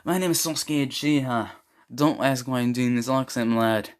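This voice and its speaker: A young man voicing a brooding teen boy in a deliberately bad put-on Australian accent. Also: medium pitch, smooth, pitched above the performer's own voice, lightly acted.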